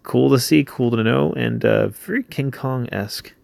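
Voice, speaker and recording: A man with a gravelly, mid-pitched voice talks casually to his viewers. He reads a campaign page aloud, laughing easily and trailing into mumbles now and then. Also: normal speed, a little mellow, no room sound. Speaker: YouTuber reviewing a crowdfunding campaign.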